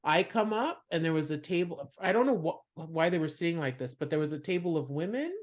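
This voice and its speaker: A woman comedian chats as a podcast guest in a low, grounded voice. She tells her stories with animation and breaks into laughter often. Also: expressive, fairly quick. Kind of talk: casual podcast chat.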